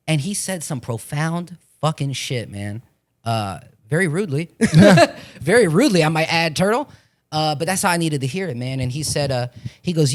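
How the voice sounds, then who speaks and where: A man in his forties from Florida, an actor talking as a podcast guest in a casual, animated way, swearing often as he tells stories. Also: on the high side, normal speed. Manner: profane, animated storytelling with frequent swearing. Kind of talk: casual chat.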